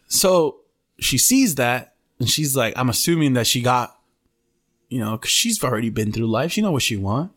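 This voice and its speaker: A man's voice: medium pitch, lively intonation, moderate pace, a bit bright. A man hosting a podcast, telling a story in casual chat, slangy and full of swearing. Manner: profane, slangy, keeps saying "bro". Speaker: podcast host.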